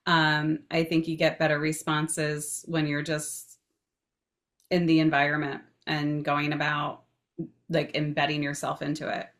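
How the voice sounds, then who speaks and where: A woman's voice: low voice, completely flat delivery, unhurried, fairly bright tone. A woman in a casual chat, easygoing and a bit hedging as a guest. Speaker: paranormal investigator guest.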